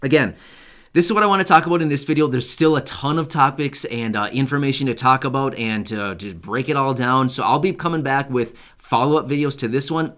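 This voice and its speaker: A man's voice: mid-range voice, a bit bright. A man hosting his own channel, talking straight to his viewers in a casual, conversational way and repeating key points for emphasis. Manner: speaks directly to viewers. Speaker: channel host. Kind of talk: casual explainer video.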